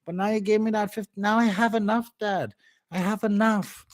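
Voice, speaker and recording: A man's voice: steady tone, moderate pace, lightly acted. Man doing a pleading little boy. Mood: insistent. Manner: pleading, raised pitch. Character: young boy, earnest and pleading.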